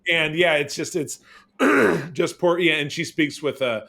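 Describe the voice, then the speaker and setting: A man co-hosting a casual podcast, chatting with lots of fillers and quick mock character voices. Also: a little high, creaky. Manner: animated, quick impressions of characters, many fillers. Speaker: podcast co-host. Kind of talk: casual chat.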